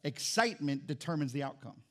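A male pastor preaching an animated sermon in church, calling out to the congregation and acting out little scenes. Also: on the high side, fairly quick. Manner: animated, acts out quotes, calls out to congregation.

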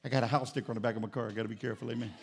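A man's voice: mid-range voice, steady tone, rapid-fire, background noise. A middle-aged man preaching a sermon as pastor, telling stories and calling on the church for an amen. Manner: storytelling with call-and-response.

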